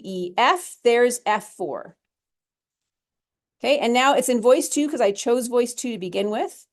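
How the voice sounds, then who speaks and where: A woman music theory instructor talking through a software lesson step by step in a chatty, self-correcting way. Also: mid-range voice. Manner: chatty, talks through steps as she clicks, self-correcting. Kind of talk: recorded screen-share lesson.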